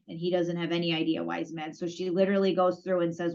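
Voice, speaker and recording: A woman's voice: fairly low pitch, steady tone, fast, hardly any pauses, fairly bright tone. Woman podcast cohost rambling thru a story, plays out the back and forth, muffled lo-fi sound. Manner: storytelling, acting out both sides of conversations. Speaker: podcast co-host. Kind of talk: casual chat. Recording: dull lo-fi audio.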